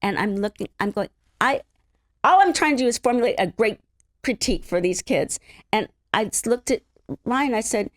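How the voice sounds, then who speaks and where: A middle-aged woman from the Los Angeles area, an interview guest telling stories in an animated, laughing way. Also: a little high, fairly quick, no echo, clean studio sound. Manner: animated, laughing, acts out other people's voices. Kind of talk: casual storytelling chat.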